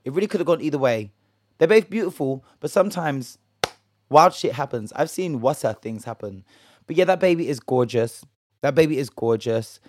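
A man's voice: medium pitch, lively intonation, moderate pace, no room sound. A man hosting a casual solo gossip podcast, chatty and jokey, swearing and rambling, a little tipsy. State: a bit tipsy. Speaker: podcast host.

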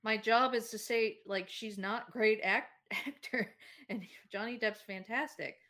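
A woman's voice: fairly high pitch, unhurried, sharp tone. A woman co-hosting a podcast, talking in casual chat, opinionated and laughing often. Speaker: podcast co-host.

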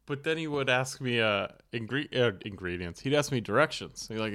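A man's voice: mid-range voice, moderate pace, fairly bright tone, dry recording. A man co-hosting a podcast in casual chat, telling stories with frequent laughter and acting out the people he met. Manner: storytelling, laughs often, acts out drivers. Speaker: podcast co-host.

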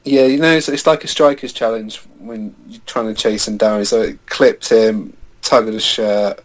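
A man, a guest on a football podcast, giving his opinions in a relaxed, casual way. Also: lowish voice, normal speed, low-quality recording.

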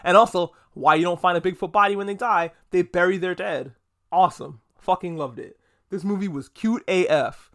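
A man's voice: high voice, normal speed. A man talking through a movie review in a casual, enthusiastic way, swearing freely and drifting off on tangents. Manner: chatty, profane, wanders off on tangents; enthusiastic, lively delivery. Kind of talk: casual spoken film review.

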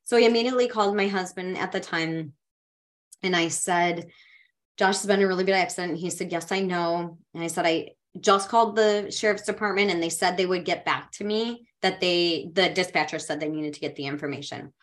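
A woman podcast co-host telling a personal story in a heartfelt, halting way, with frequent restarts. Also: on the low side.

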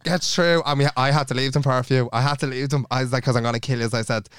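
A young man with a Dublin accent tells a story at a rapid clip, acting out every exchange in quoted dialogue and swearing freely. His voice is smooth and clear. It is recorded close on a dry mic with no room sound. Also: mid-range voice, little pitch movement, a bit bright, dry recording. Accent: Irish, Dublin. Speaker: podcast co-host. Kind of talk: casual storytelling chat.

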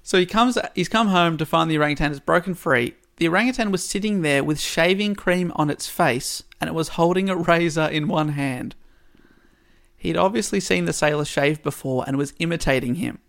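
A podcast host retelling a story's plot in a casual way, with dry asides along the way. His voice is gravelly and sits a little high for a man. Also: normal speed, a bit bright.

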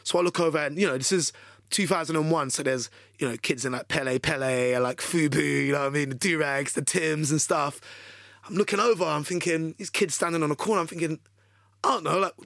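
Guy in his 30s, radio dj chatting as a guest, kinda gravelly and a bit high for a man, lots of "like" and "you know", dry close sound. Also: moderate pace, dry recording. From London. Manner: animated, chatty, filler-heavy storytelling. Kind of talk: casual storytelling interview.

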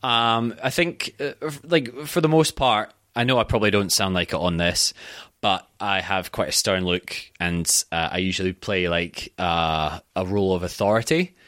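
A man's voice: low voice, moderate pace, fairly bright tone, dry recording, clean studio sound. A young man from Scotland, a guest on a podcast, chatting casually and joking at his own expense, with plenty of swearing. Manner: joking, self-deprecating, sweary. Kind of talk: casual chat.

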